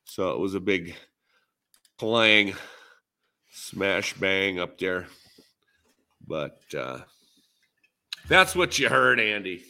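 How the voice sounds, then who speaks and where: A man's voice: low-pitched, expressive, extremely slow, gravelly, pauses often, bright, forceful tone. A man with a Minnesotan accent, rambling easily in a casual podcast chat with lots of fillers. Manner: rambling, easygoing, many fillers. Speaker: podcast co-host, dent repair tech.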